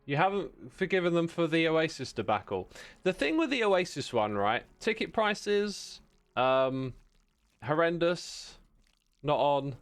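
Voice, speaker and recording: A man's voice: a little high, very animated, unhurried, clear, resonant tone. A man chatting casually with viewers while playing on a livestream, rambling and self-deprecating, laughing often.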